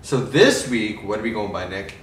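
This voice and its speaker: A man's voice: lowish voice, very animated, moderate pace, reverberant, distant mic, a little hiss or hum, rough recording. A tipsy man chatting through a casual movie review, profane and giggly.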